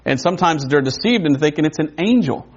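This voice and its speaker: A man preaching a sermon in a conversational way, wondering aloud and adding quick asides. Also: a little high, animated. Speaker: pastor. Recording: dull lo-fi recording.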